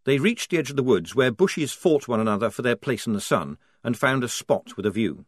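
A man reads an audiobook in a measured, expressive voice of medium pitch that rises and falls with lively range. The recording is dry and close, with no room sound. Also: dry recording. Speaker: audiobook narrator. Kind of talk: scripted narration.

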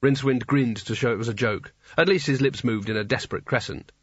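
Husky man narrating an audiobook. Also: mid-range voice, fairly quick, no echo. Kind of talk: scripted narration. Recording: dry, slightly dull audiobook recording.

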